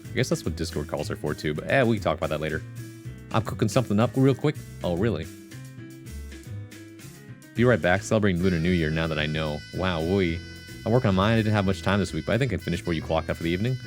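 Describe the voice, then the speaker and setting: A man with a fairly low voice chats casually with his viewers on a live stream. He rambles and jokes, often breaking into laughter. Faint music plays in the background. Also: fast talker. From Vietnamese heritage. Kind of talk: casual livestream chat.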